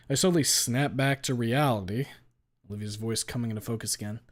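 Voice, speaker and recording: A man reading a first-person story aloud with a blunt, deadpan delivery and casual swearing. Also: mid-range voice, fairly quick. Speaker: story reader.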